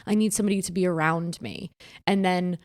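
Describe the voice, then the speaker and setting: Lowish-voiced woman chatting candidly. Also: fairly quick. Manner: candid, animated storyteller who acts out quoted people. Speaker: podcast co-host. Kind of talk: casual chat.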